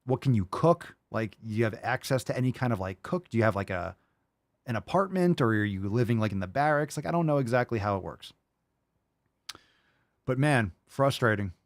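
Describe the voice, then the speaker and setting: This live call-in podcast host answers listeners in a loose, profane ramble packed with "like" and "you know." He speaks a little fast at medium pitch with lively intonation, in clean studio sound with no room sound.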